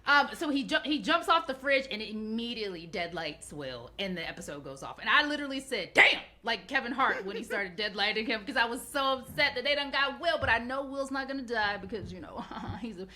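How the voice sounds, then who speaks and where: A woman's voice: a little high, expressive, fairly quick, hardly any pauses, bright, forceful tone. A woman co-hosting a podcast, recapping a TV episode in casual chat with playful jokes and mock outrage. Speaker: podcast co-host.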